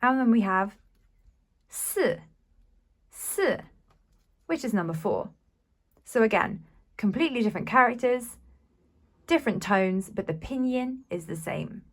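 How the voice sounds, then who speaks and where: A woman's voice: on the high side, expressive, moderate pace. A woman teaching a beginners' Mandarin lesson, explaining patiently and sounding out syllables with care. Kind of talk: slow, clear language lesson.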